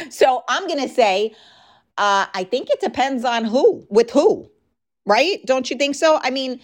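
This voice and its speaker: A woman's voice: high voice, lively intonation, takes it slowly, pauses often. A woman hosting a podcast, talking frankly and casually straight to her listeners, her voice a little worn. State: losing her voice. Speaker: podcast host. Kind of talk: casual chat.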